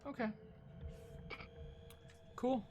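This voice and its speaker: A man running a tabletop game as dungeon master, talking casually and haltingly with frequent ums. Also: darkish tone, soft background music. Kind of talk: tabletop game session chat.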